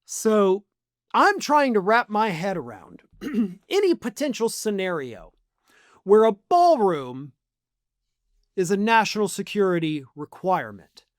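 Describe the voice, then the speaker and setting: A man's voice: sits high, very animated, unhurried, no room sound, clean studio sound. A man hosting online political commentary in a sarcastic, mocking manner. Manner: sarcastic, mocking, acts out quotes.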